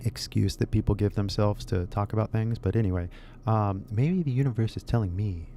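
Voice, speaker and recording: A man from California with a Californian accent, musing in a relaxed, rambling way while giving an English lesson. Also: on the low side, a little hiss or hum. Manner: laid-back, musing, drawn-out phrases. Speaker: English teacher. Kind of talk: casual rambling video lesson.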